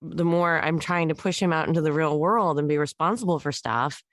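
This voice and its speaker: A woman's voice: low voice, fairly quick, no room sound. A middle-aged woman co-hosting a podcast in casual chat, rambling and candid with many fillers. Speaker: podcast co-host.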